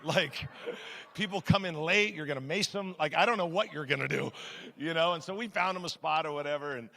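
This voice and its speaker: A male pastor preaching a sermon in a lively, conversational storytelling manner, often asking the audience questions. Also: a little high, brisk, creaky. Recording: long church hall reverb.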